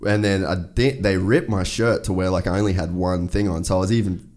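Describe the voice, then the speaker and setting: A man's voice: low-pitched, fairly even intonation, a little fast, darkish tone, slight background noise. A young Australian man telling a story in casual chat, laid-back and swearing freely. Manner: laid-back, swears often, says "dude".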